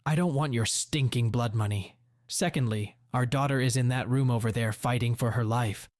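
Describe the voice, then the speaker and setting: A man voicing an angry middle-aged father, blunt and determined, giving forceful retorts in a dry, close read. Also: mid-range voice, moderate pace, dry recording, lightly acted.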